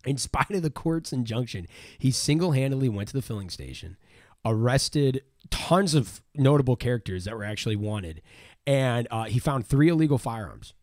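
A man's voice: mid-range voice, animated, moderate pace, darkish tone, no echo, clean studio sound. A man casually retelling a crime story on a podcast, rambling, repeating words and swearing freely.

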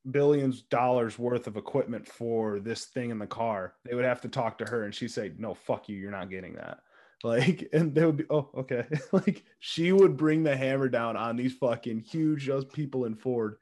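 Man, casual podcast chat, animated storyteller, laughs often, mid-pitched voice. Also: moderate pace. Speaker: podcast co-host.

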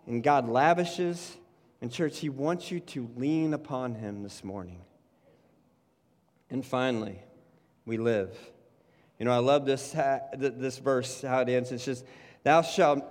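A man's voice: medium pitch, darkish tone. A man preaching a sermon in a loose, conversational way, often adding "you know" and "right". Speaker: pastor. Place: church sanctuary. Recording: reverberant church hall.

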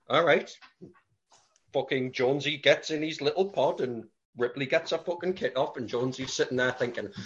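A man's voice: mid-range voice, moderate pace, a bit bright, lo-fi sound, slight background noise. A man telling a film story as a comic, profane rant, full of put-on voices.

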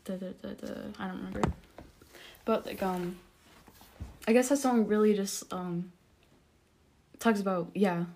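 A young woman co-hosting a casual podcast chat, with a mid-pitched voice. She talks hesitantly, piling up fillers and pauses. She often drifts off before finishing a thought. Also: steady tone, vocal fry, warm tone, slight background noise. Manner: hesitant, full of likes and ums, trails off. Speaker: podcast co-host.

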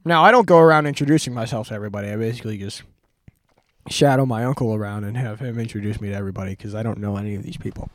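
A man's voice: on the low side, racing, dry recording. A man in his twenties telling a rambling story on a casual podcast, full of fillers and restarts. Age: 20s. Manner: rambling, lots of fillers and restarts, laughs often. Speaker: podcast host.

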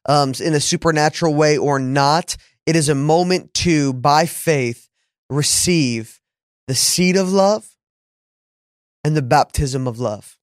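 Young male podcast host, bright-toned and earnest, recorded dry and close. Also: a little high, takes it slowly, no echo. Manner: earnest, with filler-laden restarts. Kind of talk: casual chat.

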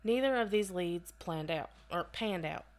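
A woman's voice: lowish voice, lively intonation, unhurried. Chatty woman reading case notes. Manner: reads case notes aloud with chatty asides and laughs. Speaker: podcast co-host. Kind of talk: casual true-crime podcast reading.

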